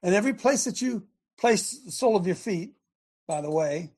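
Male radio host, fiery preacher, high husky voice. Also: animated, moderate pace, darkish tone. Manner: fervent, preachy, sarcastic. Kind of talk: preaching on a talk show.

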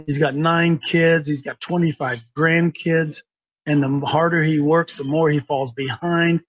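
Speaking a little slowly with fairly even intonation, this man's higher-range voice comes through a dry, dull lo-fi recording. He's a radio talk show host sharing a casual story, earnest and preachy, repeating points for emphasis.

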